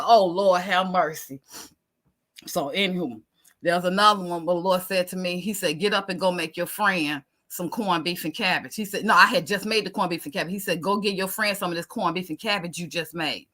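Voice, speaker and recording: A woman giving an animated testimony, acting out the voices in her story. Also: fairly low pitch. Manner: expressive, acts out dialogue, Southern American speech patterns.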